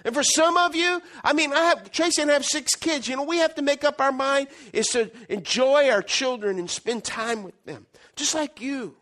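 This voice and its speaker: A middle-aged male pastor preaching an animated sermon, acting out little scenes and swinging between loud and quiet. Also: very high voice, normal speed, few pauses.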